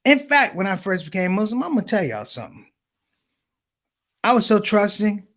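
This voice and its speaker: A man doing stand-up comedy, telling stories as an animated storyteller with big voice swings. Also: high voice, moderate pace.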